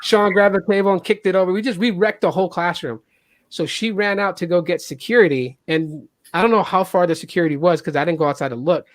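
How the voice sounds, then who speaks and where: A man with an animated way of telling a story, who acts out the people he quotes. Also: fast, dry recording. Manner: animated, acts out quotes with jumps in pitch and loudness. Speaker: podcast host. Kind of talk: casual storytelling.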